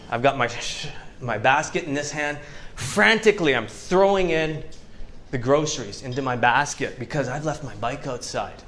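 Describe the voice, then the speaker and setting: A Canadian man giving an inspirational talk to a live audience, telling stories with slow, dramatic pauses. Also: on the high side, a bit bright, a little hiss or hum. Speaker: motivational speaker. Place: event venue before a live audience.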